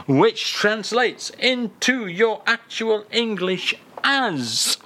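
A male radio host doing comic chat in a mock-grand, theatrical tone. His pitch swoops widely, his tone is bright and ringing, and he takes his time over every phrase. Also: very animated, takes it slowly.

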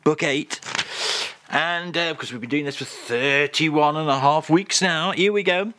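A man hosting a radio show, chatting in a playful, rambling, jokey way with quick asides. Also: on the high side, bright, forceful tone. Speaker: radio host. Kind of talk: comic radio banter.

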